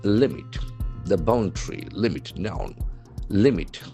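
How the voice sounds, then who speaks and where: A man's voice: deep voice, big pitch swings, slow pace, creaky, mellow, faint music behind. A man with an Indian English accent giving an English vocabulary lesson from the news, spelling words out letter by letter and repeating each one with heavy stress. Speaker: English trainer.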